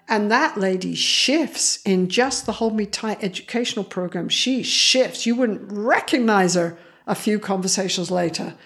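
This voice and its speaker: A woman psychologist, a guest in an interview, telling stories and acting out the voices of the people in them. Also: mid-range voice. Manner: animated, acts out quoted voices. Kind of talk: storytelling in an interview.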